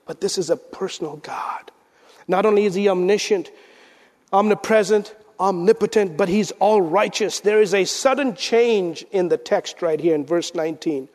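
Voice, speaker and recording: A man preaching a sermon as pastor, swinging between loud emphasis and hushed, intense lines. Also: high-pitched, moderate pace. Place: church sanctuary. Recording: church sanctuary with long reverb.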